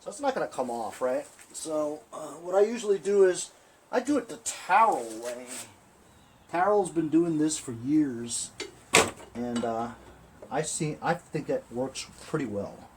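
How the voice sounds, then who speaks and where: A man's voice: fairly high pitch, expressive, unhurried, a little mellow, slight background noise. Chatty man demoing a mower repair. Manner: chatty, talks to viewers while working. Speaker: small-engine repair vlogger. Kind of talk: casual hands-on repair demonstration.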